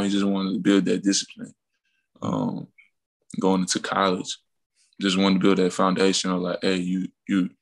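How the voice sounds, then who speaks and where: Young college athlete from Mississippi, interview guest; deep monotone with vocal fry, easygoing rambling delivery. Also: male voice, rough recording. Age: young adult. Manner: relaxed, rambling with fillers and restarts, laughs while telling stories. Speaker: college basketball player, guest. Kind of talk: casual interview storytelling.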